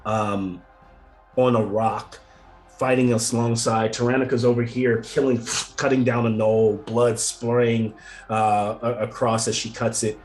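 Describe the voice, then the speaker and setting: A man's voice: mid-range voice, level tone, a little slow, darkish tone, faint music behind. A man narrating a tabletop game as game master, rambling with many fillers and frequent chuckles.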